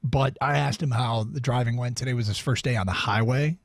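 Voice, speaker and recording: A man's voice: mid-range voice, brisk, vocal fry, no echo, studio quality. A man co-hosting a sports radio show, chatting casually and leading the segment. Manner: chatty, runs the segment, reads the call-in number.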